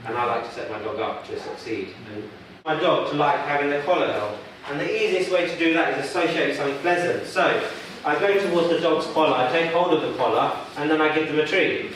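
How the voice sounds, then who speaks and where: A male dog trainer runs a workshop, teaching in a conversational way and putting questions to the audience. His voice is a little high, brisk and a bit bright, with hardly any pauses. He's recorded from far off in an echoey workshop room, with slight background noise.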